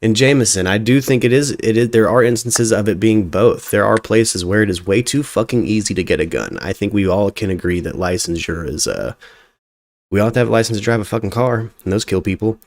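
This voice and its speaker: Low-voiced man, profane rambling host. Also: brisk. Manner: profane, rambling, stumbles over words. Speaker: radio show host. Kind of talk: casual podcast chat.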